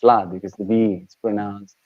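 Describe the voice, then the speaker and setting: A man's voice: on the low side, little pitch movement, moderate pace, no room sound, narrow, tinny audio. A man from Italy talking as a band guest in a casual interview, hesitant with many fillers and easy laughs.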